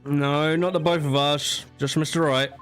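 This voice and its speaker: A man voicing a composed male prosecutor in a dry, clipped, lowered voice as he reads game dialogue aloud. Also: fairly even intonation, normal speed, fairly bright tone, smooth, faint music behind, lightly acted.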